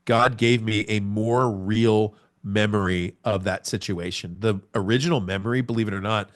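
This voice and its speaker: A man in his forties sharing a personal testimony on a podcast. His voice sits on the low side, and he tells it like a storyteller, acting out moments with sound words. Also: normal speed. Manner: animated storyteller, acts out scenes with sound words. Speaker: podcast guest.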